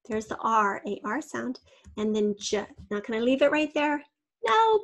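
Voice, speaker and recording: A woman's voice: medium pitch, creaky, breathy edge. A woman teacher leading a spelling lesson, patiently sounding out syllables and dropping to a near whisper for asides.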